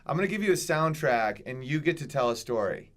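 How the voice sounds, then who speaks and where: A man's voice: mid-range voice, expressive. A young man hosting a podcast, riffing in loose, joking casual chat. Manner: joking, riffing, quick asides. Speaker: podcast host.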